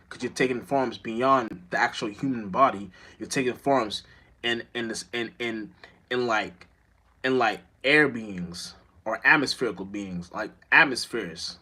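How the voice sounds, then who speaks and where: A man's voice: mid-range voice, sharp tone, slightly rough. A man giving a casual, rambling monologue to his viewers. He swears a lot, stumbles over words, restarts often, and keeps checking in with his listeners. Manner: keeps asking "you know what I'm saying". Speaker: streamer.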